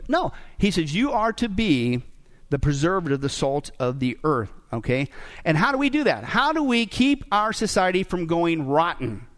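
A man's voice: on the high side, very animated, moderate pace, fairly bright tone. A male pastor preaching a sermon, joking and asking the congregation rhetorical questions.

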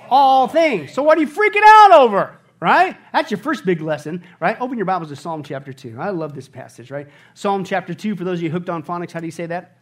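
High-voiced animated preacher man. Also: husky. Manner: animated, rhetorical, keeps asking "right?"; swings from hushed to loud and emphatic. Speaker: pastor. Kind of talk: sermon. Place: church service before a congregation.

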